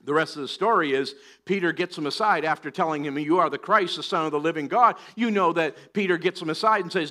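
A man's voice: on the high side, quick pace, few pauses, sharp tone. A middle-aged man preaching a sermon, animatedly acting out scripture voices. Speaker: pastor.

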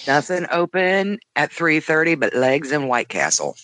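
Woman on a podcast tossing off quick one-liners, voice bounces around a lot. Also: sits low, big pitch swings, fairly bright tone. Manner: quick wisecracks and short interjections. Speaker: podcast co-host.

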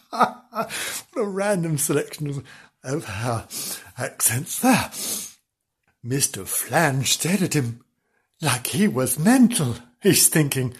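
A man's voice: medium pitch, expressive, slow, pauses often, slightly rough. A man telling a comic story off the cuff, playful and giggly, making asides to the listeners.

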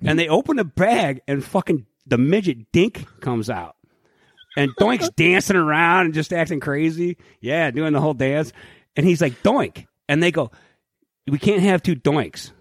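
Animated, foul-mouthed man, fairly high voice. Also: moderate pace, dry recording, studio quality. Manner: profane, animated storyteller. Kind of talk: casual podcast chat.

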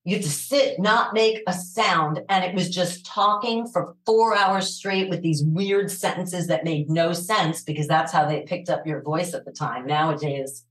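Low raspy New York woman, animated. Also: roomy sound, poor audio. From New York City. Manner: animated, laughs often, quick asides. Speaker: voiceover actor, guest. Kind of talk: casual interview chat.

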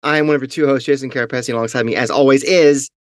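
A man's voice: mid-range voice, steady tone, rapid-fire, dry recording, studio quality. A man co-hosting a podcast in casual chat, joking and poking fun at himself, with many ums and uhs. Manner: jokey and self-mocking, with many fillers. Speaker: podcast co-host.

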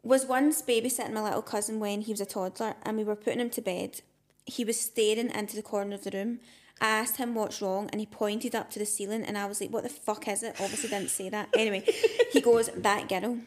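A woman's voice: mid-range voice, fairly even intonation, brisk. A young woman co-hosting a podcast, chatty and conversational, often tagging sentences with "right?". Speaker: podcast co-host. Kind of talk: casual chat, reading listener stories.

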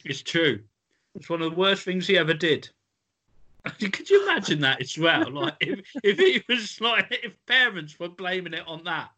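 A man's voice: high-pitched, expressive, normal speed, sharp tone. A man hosting a podcast quiz in casual chat, playful and giggly, often tripping over his words. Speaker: podcast host running a quiz.

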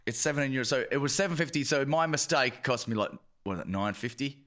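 A man's voice: medium pitch, lively intonation, fast talker, fairly bright tone. An Irish man co-hosting a comedy podcast in a studio, telling rambling stories and laughing often. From Ireland. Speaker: podcast co-host. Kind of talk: casual comedic chat.

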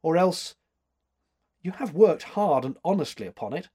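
A man reading aloud, voicing a sixty-year-old woman art critic with a faint foreign accent, brisk and terse. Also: a little high, sing-song, mellow, husky, pitched above the performer's own voice. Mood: crisp, judging.

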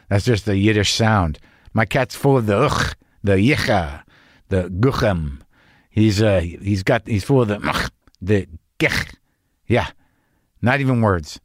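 A man's voice: medium pitch, no room sound, clean studio sound. A man hosting a podcast, talking in a rambling, anxious, profane comedic monologue. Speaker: podcast host.

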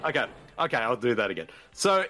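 A man's voice: mid-range voice, big pitch swings, quick pace, bright, forceful tone. An Australian man co-hosting a movie podcast, giggling through crude puns in casual chat. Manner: giggly, crude punning jokester. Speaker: podcast co-host.

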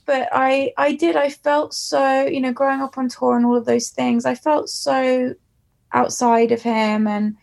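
Brief: young English woman, musician guest, candid and reflective, a slight gravel in the voice. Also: high-pitched, flat delivery, unhurried, a little mellow. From England. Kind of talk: candid storytelling interview.

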